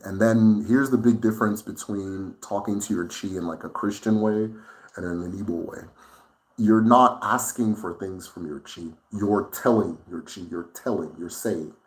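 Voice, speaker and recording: Man, somewhat low pitch, casual livestream host, conversational, keeps asking "right?". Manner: conversational, often tags lines with "right?"; relaxed and unhurried, with fillers and restarts while thinking. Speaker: host answering viewer questions.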